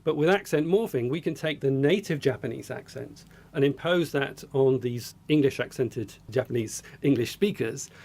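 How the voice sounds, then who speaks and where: A man, a speech technology researcher, explaining his work in a measured interview. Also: medium pitch, darkish tone.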